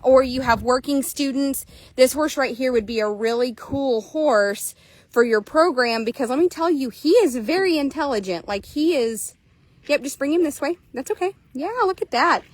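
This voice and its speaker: A woman's voice: sits high, lively intonation, moderate pace, no room sound, poor audio. A woman talking viewers through a horse for sale outdoors at a trail course, chatty and upbeat, a little out of breath in the heat. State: hot and a bit out of breath. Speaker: horse seller and trainer. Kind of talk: casual sales walkthrough to viewers.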